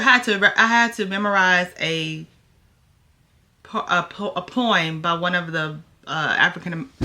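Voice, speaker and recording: Bright-voiced woman in nervous vlog chat. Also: on the low side. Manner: chatty, nervous, acts out both sides of a dialogue. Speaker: vlogger. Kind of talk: casual get-ready-with-me chat.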